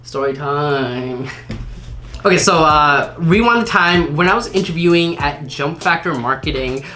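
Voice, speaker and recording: A man's voice: fairly high pitch, moderate pace, sharp tone, slight background noise. Upbeat chatty young man vlogging. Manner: upbeat, chatty, boastful, laughs often. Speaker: marketing vlogger. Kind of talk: casual vlog chat.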